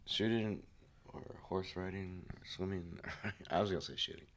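A man's voice: deep voice, fairly even intonation, moderate pace, soft background music. A man co-hosting a podcast, bantering in a laid-back, unsure way with laughs. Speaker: podcast co-host. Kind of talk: casual chat.

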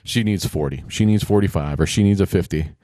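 A man's voice: low-pitched, fairly quick, mellow, no echo, studio quality. A man giving casual, joking play-by-play commentary while watching a game show, with sarcastic asides.

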